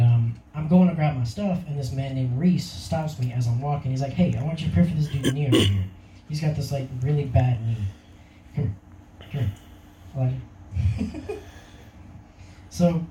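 A man's voice: medium pitch, dark tone, reverberant, recorded from a distance, a little hiss or hum, low-quality recording. A young man giving his personal testimony in a casual, rambling way, laughing often. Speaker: testimony speaker.

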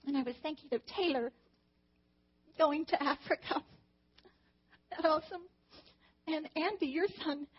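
High-voiced woman giving church testimony. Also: muffled recording. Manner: earnest and emotional, talking to God aloud. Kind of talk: personal testimony to a congregation.

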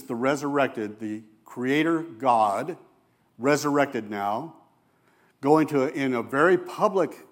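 A man preaching a sermon as a church elder, speaking earnestly and turning quiet and soft when he voices gentle quoted words. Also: on the high side.

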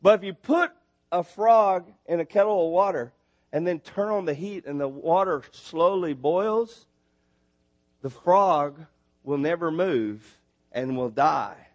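High, animated preacher. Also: male voice, unhurried, highs cut off. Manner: animated, rising to near shouts when stressing a point. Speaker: missionary preacher. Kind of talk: sermon. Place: church.

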